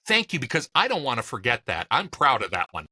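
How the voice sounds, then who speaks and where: A man's voice: medium pitch, huge pitch swings, quick pace, sharp tone, slightly rough, no room sound. A man co-hosting a podcast, joking and musing in casual chat. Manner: jokey, discursive. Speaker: podcast co-host.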